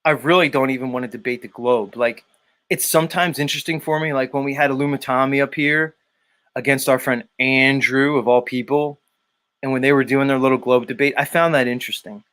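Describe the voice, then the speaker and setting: A live stream host reads viewers' chat messages out loud and teases them with blunt, profane humor. His mid-range voice is clear and resonant, a bit bright, with fairly even intonation and a slightly quick pace.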